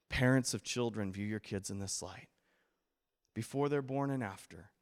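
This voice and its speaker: A man preaching a sermon as pastor, animated and playful, acting out the voices he quotes with humor. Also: on the low side, in a large hall.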